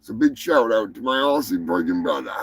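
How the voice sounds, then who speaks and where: A man hosting a crude live show, rambling and swearing, jumping from loud outbursts to mumbled asides. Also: fairly low pitch, expressive, brisk, breathy edge, no echo, poor audio. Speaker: show host. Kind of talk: crude live-stream rant. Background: music.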